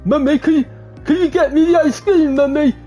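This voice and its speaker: A man voicing a shy, nervous little boy in a high, whiny squeal. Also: steady tone, brisk, dark tone, faint music behind. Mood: whiny pleading.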